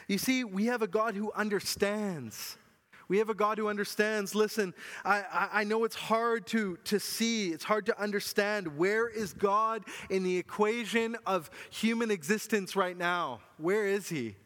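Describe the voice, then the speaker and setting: A man preaching a sermon as pastor, earnest and often dropping to a soft, low voice. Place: church hall. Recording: long hall reverb.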